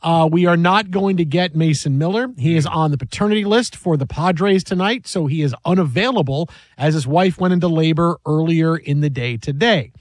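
Man, sports radio host, slightly high voice, chatty storytelling, dry studio sound. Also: normal speed, hardly any pauses, dry recording. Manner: chatty, animated storytelling with many fillers and repeats. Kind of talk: sports talk radio chat. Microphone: studio microphone.

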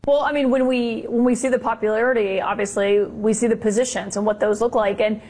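A female news anchor with a fairly high voice, played as a clip on the show. She puts a long question to a reporter in a slightly halting, probing way. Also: fairly even intonation, a little mellow. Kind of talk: news interview.

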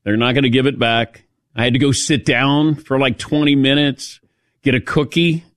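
A man's voice: medium pitch, steady tone, normal speed, no echo, clean studio sound. A middle-aged man hosting a sports talk radio show, telling a self-mocking story in casual chat.

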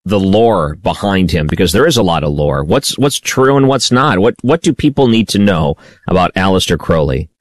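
A low-voiced man hosts an interview and asks short, curious follow-up questions. His voice is recorded dry and close, with no room echo. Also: expressive, normal speed, few pauses. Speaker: interviewer host.

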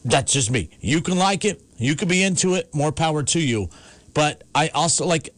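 A man's voice: fairly high pitch, animated, moderate pace, a bit bright, no room sound. A man hosting a call-in sports talk show from the United States, ranting emphatically, with repeated words and restarts. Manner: emphatic, repetitive, stammering restarts. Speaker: sports radio host.

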